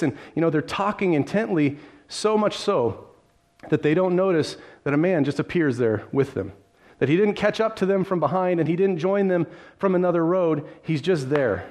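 A man's voice: high-pitched, moderate pace, a little mellow. A man preaching a sermon, retelling a story vividly and addressing listeners directly, with frequent restarts. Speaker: pastor.

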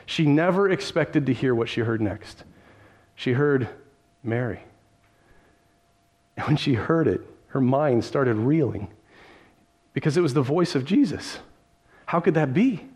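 A man's voice: medium pitch, lively intonation, unhurried, pauses often, darkish tone, breathy edge. A man preaching a sermon, retelling a story vividly and addressing listeners directly, with frequent restarts. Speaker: pastor.

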